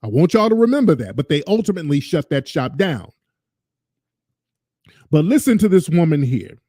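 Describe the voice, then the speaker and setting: A man's voice: a little high, very animated, normal speed, dark tone, no room sound, studio quality. A male show host ranting over a video clip, sarcastic and mocking. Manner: ranting, sarcastic, mimics voices. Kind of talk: commentary over a played clip.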